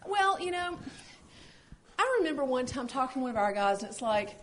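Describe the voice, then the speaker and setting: Woman, high voice, very lively pitch, co-host, casual parenting chat, earnest storyteller. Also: a little fast, slight background noise. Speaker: podcast co-host.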